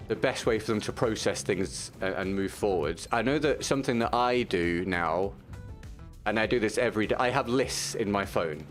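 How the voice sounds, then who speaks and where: Low-voiced man streaming a game. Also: normal speed, faint music behind. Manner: supportive, talks to viewers while gaming, frequent restarts. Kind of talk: casual chat while playing.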